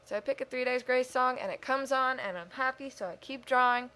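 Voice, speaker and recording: A woman's voice: high voice, a little fast, pushed and bright. A woman giving a casual, rambling voice-over for her speed-drawing video, chatty and self-mocking, talking to herself as she goes. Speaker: video creator.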